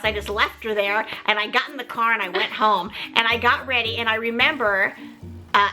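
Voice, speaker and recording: Chatty middle-aged woman telling a story. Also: fairly high pitch. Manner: animated, chatty, keeps addressing viewers. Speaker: mother telling her story. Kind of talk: casual storytelling chat.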